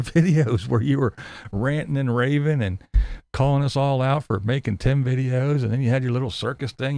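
Gravelly and darkish, this man's medium-pitched voice comes through a dry recording. He hosts live-stream commentary on YouTube, mocking and sarcastic, swearing openly and laughing frequently as he rants and responds to chat.

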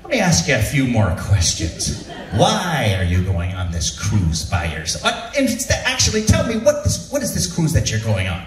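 A suspicious male customs agent, played by a man, with a fairly low, dry and probing delivery. The sound is roomy and distant, like a voice picked up from across a hall. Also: huge pitch swings, moderate pace, soft background music. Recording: roomy, from far off.

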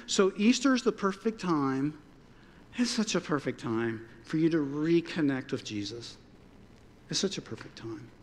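Animated preaching man in a reverberant hall. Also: fairly high pitch. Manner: animated, conversational preaching with quoted dialogue. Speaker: pastor. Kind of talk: sermon. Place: church sanctuary.

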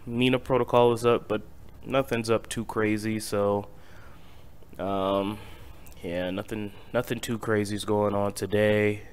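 A man hosting a casual crypto market update, talking in a low-key, sleepy near-monotone and chuckling lightly now and then. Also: measured pace, a little hiss or hum. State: not fully awake. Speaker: crypto channel host.

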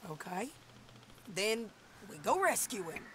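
A woman's voice: mid-range voice, very animated, takes it slowly, a little hiss or hum. A woman voicing a fierce, vengeful frontier outlaw woman who talks blunt and hard. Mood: grim determined. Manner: curses and shouts in gunfights, hard and blunt. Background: game music.

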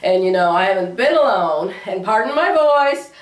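Chatty, slightly hoarse woman in an echoey room. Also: mid-range voice, animated, normal speed, distant mic. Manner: chatty, giggly, with playful squeals. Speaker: vlogger. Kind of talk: casual chat. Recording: echoey room, away from mic.

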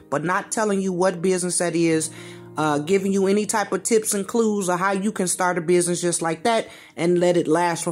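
A woman giving a blunt reaction rant in slangy, informal speech, repeating phrases for emphasis. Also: fairly low pitch. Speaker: commentator reacting to a video.

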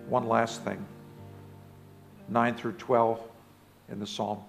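A man preaching a sermon as pastor of a church. He speaks emphatically and rises now and then to loud exclamations. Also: on the low side, flat delivery, slow, gravelly, long pauses, music in the background. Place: church sanctuary.

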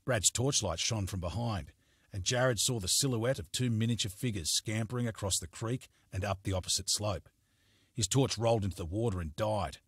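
A man narrating a crime novel as an audiobook in a steady, measured storytelling manner, recorded on a close studio mic. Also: on the low side, husky, dry recording.

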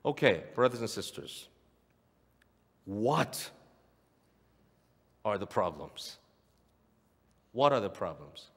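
A man's voice: fairly low pitch, big pitch swings, slow, creaky, long pauses, fairly bright tone. A middle-aged male pastor preaching a sermon in a church, earnest, repeating key phrases and asking the congregation questions. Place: church sanctuary. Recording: long hall reverb.

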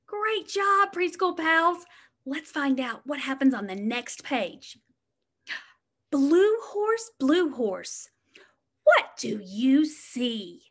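A woman's voice: high voice, fairly bright tone. A woman preschool teacher reading a picture book aloud to young children, sing-song and encouraging, stopping to ask them questions.

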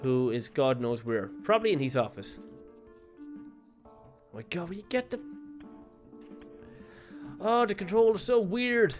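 A man giving excitable let's play commentary, swearing and playing up mock outrage. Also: sits high, measured pace, pauses often, faint music behind. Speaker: gaming video creator.

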